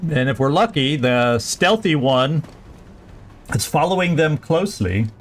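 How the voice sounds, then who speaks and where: A man's voice: a little high, expressive, unhurried, faint music behind. A man streaming a strategy game, thinking aloud through each move with plenty of fillers and restarts. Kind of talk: casual let's-play commentary.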